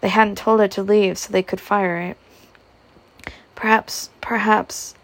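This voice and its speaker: A woman's voice: medium pitch, fairly even intonation, measured pace, dry recording. A woman reading a novel aloud expressively, now and then breaking off to comment. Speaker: audiobook reader.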